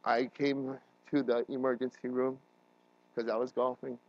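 A man preaching a sermon as a pastor, earnest and emotional, his voice building to loud emphatic peaks. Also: medium pitch, little pitch movement, normal speed, highs cut off. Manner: emotional, voice rising and breaking while retelling a crisis.

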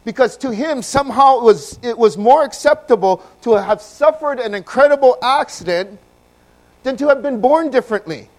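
A man preaching a sermon, moving from quiet, low passages to loud, emphatic ones and asking his listeners questions. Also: lively intonation, normal speed. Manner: swings from soft and low to loud and emphatic, asks the congregation questions. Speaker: pastor.

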